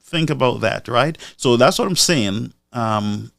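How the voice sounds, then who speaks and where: A man's voice: medium pitch, animated, unhurried, vocal fry, fairly bright tone, dry recording, clean studio sound. A man from Lucia, giving commentary on a live stream and repeating figures for emphasis. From Saint Lucia.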